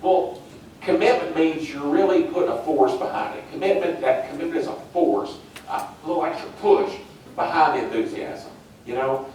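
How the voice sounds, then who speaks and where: A man's voice: on the high side, moderate pace, darkish tone, distant mic, slight background noise. Chatty male trainer in echoey hall. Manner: chatty, acts out little scenes with laughs. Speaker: orientation trainer. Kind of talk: casual training talk to new staff.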